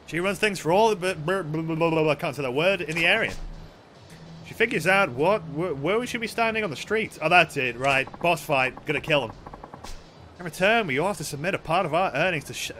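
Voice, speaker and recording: Young brit streamer swearing n joking thru a game, very animated, bright voice. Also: male voice, a little high, brisk, soft background music. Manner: sweary, playful, reads game text aloud. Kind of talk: let's play commentary.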